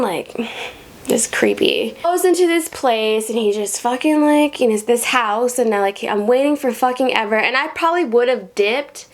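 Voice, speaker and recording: A woman's voice: fairly high pitch, lively intonation, moderate pace. Profane, rambling young woman vlogger. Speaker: rideshare driver telling stories. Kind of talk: casual storytime vlog.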